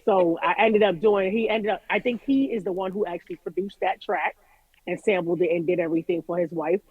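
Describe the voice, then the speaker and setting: A woman's voice: fairly low pitch, a little fast, husky, dry recording, phone-quality sound. A woman artist, from Jamaica, talking candidly in a casual remote interview and acting out what people said to her. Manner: candid, chatty, quoting people in lively voices. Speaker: music artist guest.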